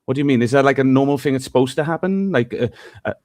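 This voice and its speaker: A man's voice: medium pitch, quick pace, darkish tone, no room sound. Argumentative stammering man, dry sound. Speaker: panel guest. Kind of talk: heated casual debate.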